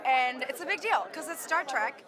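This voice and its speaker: Woman, actress, from Canada, bubbly, gushing, fairly high voice, red carpet, loud crowd around. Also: expressive, moderate pace. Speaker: actress at her film premiere. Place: outdoor red carpet premiere. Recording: loud crowd noise outdoors. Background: crowd chatter.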